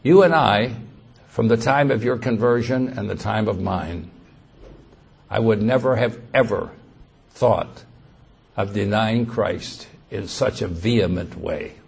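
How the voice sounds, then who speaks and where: A man preaching a sermon, slow and emphatic, who reads scripture aloud and grows louder when quoting it. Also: on the low side, vocal fry, breathy edge.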